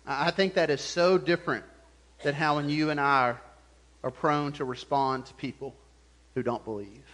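A man preaching a sermon as pastor, animated, chuckling often and acting out the voices he quotes. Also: on the high side, normal speed.

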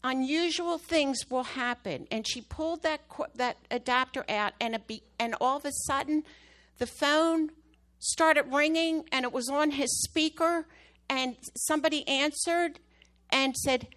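A woman's voice: high-pitched, measured pace, fairly bright tone. A woman preaching to her church, telling a story with emphatic, rising bursts at the key moments. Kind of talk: sermon testimony.

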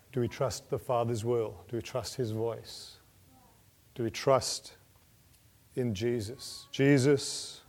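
Earnest male preacher delivering a sermon. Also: medium pitch. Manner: earnest, rising to emphatic peaks then dropping soft.

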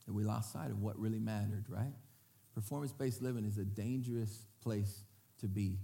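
A man preaching a sermon to his congregation. He speaks in a lively way, asks the crowd to repeat words back to him, and often acts out what other people say. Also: on the low side, creaky. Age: adult parent. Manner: lively, often breaks into acted quotes. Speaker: pastor.

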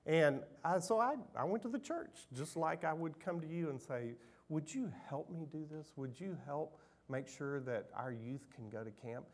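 A man's voice: on the high side, expressive, moderate pace. A middle-aged man, preaching a sermon as pastor in an emotional, conversational storytelling way.

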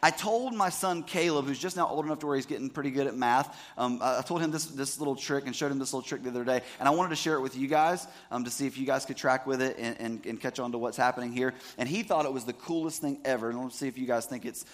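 A man's voice: medium pitch, fast, few pauses. A man in his thirties, a pastor giving a sermon, talking casually and checking that the congregation is following along.

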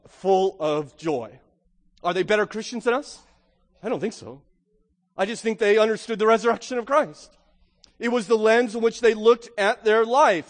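A man's voice: sits high, big-room sound. A male pastor preaching an Easter sermon, emphatic and conversational, full of rhetorical questions and asides of "right?".

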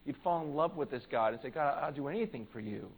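A pastor preaching a conversational sermon in church, earnest and plain-spoken, swelling to emphatic peaks. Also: male voice, medium pitch, lively intonation, fast talker, low-quality recording.

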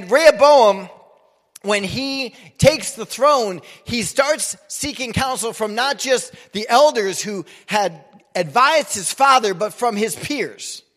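A man's voice: high-pitched, fairly bright tone, long reverb tail. A man in his forties preaching a sermon in a casual, joking, conversational way. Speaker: pastor.

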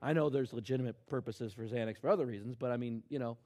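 A middle-aged man preaching a sermon, dropping to a hush and then rising to loud, emphatic shouts. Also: mid-range voice, fast talker. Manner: swings from hushed to shouting in acted quotes. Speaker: pastor.

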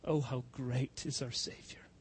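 A man preaching a sermon as pastor, swinging from loud impassioned cries to soft, hushed pleading. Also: mid-range voice, steady tone, unhurried, a little hiss or hum.

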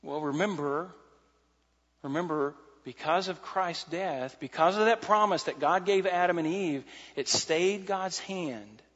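A man preaching a sermon as pastor, animated and repeating key phrases for emphasis. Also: sits high, measured pace. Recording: muffled sound in a large reverberant hall.

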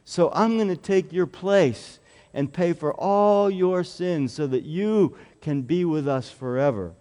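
A man's voice: a little high, slow pace, warm tone, in a large hall. Jesus, tender and earnest, as a man puts him on. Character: Jesus, a gentle loving grown man.

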